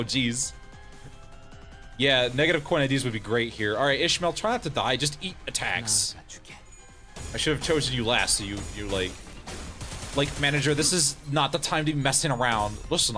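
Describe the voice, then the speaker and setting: A man's voice: medium pitch, expressive, moderate pace, sharp tone, soft background music. A man streaming a game in casual let's-play commentary, joking, laughing often and reading game lines aloud.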